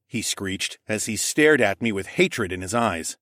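A man narrating a fantasy story in the first person with dramatic, expressive reading. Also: low voice, measured pace, few pauses, no echo, studio quality.

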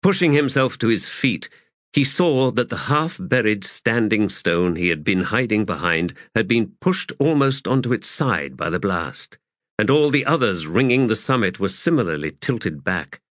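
A man narrating a fantasy novel in a measured, deliberate way. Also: fairly low pitch, big pitch swings, a bit bright, no room sound, studio quality. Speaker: audiobook narrator.

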